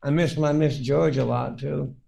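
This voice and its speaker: A man's voice: mid-range voice, fairly even intonation, normal speed, creaky, warm tone. A man co-hosting a live stream in casual chat, rambling and swearing freely, affectionate toward his friends.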